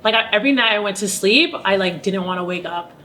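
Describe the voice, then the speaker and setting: A woman's voice: mid-range voice, fast, sharp tone, slight background noise. A young adult woman, an opera singer speaking openly in a documentary interview, with many "like" fillers. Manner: open and reflective, heavy use of "like" as a filler.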